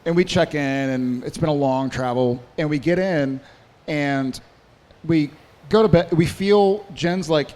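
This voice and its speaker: Guy at a con panel telling a story, kinda high voice, rambly and animated, curses some. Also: unhurried, in a large hall. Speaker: convention panel guest. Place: convention hall stage.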